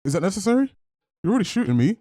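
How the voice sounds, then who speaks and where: A man's voice: sits high, crowd noise. Joking man reacting to a film. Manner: animated, joking asides, quick exclamations. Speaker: movie reaction host.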